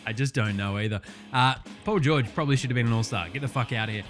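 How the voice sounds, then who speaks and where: A man's voice: medium pitch, fast, fairly bright tone, soft background music. An Australian man hosting a sports podcast, ranting casually with lots of swearing and heated outbursts. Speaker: podcast host.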